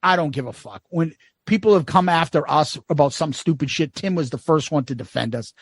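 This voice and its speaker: A man's voice: on the high side, a little fast, slightly rough, no room sound, clean studio sound. A man co-hosting a podcast in casual chat, blunt and rambling, swearing freely. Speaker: podcast co-host.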